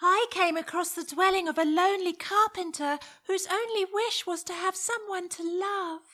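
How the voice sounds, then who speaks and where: A woman's voice: very high voice, pushed and bright, heavily acted. A woman playing a naive, eager tooth fairy in a comedy sketch. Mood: storytelling. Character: dim, cheerful female tooth fairy.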